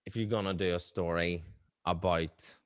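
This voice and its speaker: A man's voice: deep voice, fairly even intonation, moderate pace. A young man hosting a podcast, talking in a hesitant, rambling way and then making his point emphatically. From Ireland. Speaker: podcast host, actor. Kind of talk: casual interview chat.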